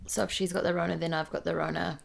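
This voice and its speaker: A woman's voice: lowish voice, fast, gravelly. A young woman with a New Zealand accent, co-hosting a casual chat podcast and reading listener questions aloud. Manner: relaxed, chatty, reads listener questions aloud. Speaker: podcast co-host.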